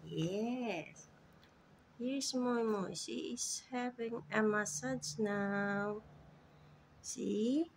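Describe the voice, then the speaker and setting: A woman vlogging at home, coaxing her pet bird in a soft, baby-talk way. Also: a little high, drawn-out words, vocal fry. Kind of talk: casual vlog talking to a pet bird. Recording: noisy home recording.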